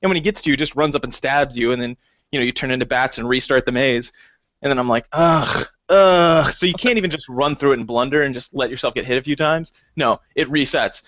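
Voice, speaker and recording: A man co-hosting a casual podcast chat, talking lively and slipping into high, exaggerated quoted voices. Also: fast talker, no room sound. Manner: animated, jumps into high acted quotes. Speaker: podcast co-host. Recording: dull dry lo-fi recording.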